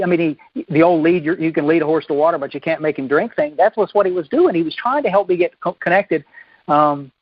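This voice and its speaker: A man's voice: fairly high pitch, no room sound. Stammering man telling his recovery story. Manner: rambling, frequent restarts and stammers. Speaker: speaker sharing a recovery story. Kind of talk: personal testimony talk. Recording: dull lo-fi dry recording.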